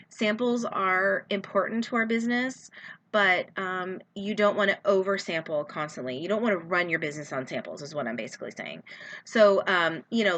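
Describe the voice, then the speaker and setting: A woman's voice: mid-range voice, bright, forceful tone. Chatty woman giving casual sales tips. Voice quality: chatty, lots of fillers and asides. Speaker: direct sales consultant. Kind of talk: casual how-to video.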